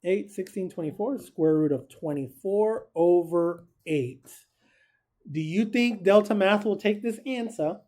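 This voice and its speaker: A man's voice: high-pitched, a little slow, darkish tone. A man teaching a casual recorded math lesson, chatty and joking, who keeps quizzing his students.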